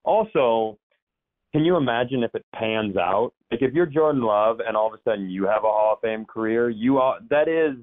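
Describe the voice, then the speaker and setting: A man's voice: medium pitch, lively intonation, moderate pace, no echo. A man in casual sports chat, rambling and correcting himself as he talks through football. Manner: rambling, self-correcting, jumps into quoted voices. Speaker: sports show guest. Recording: tinny phone-like line.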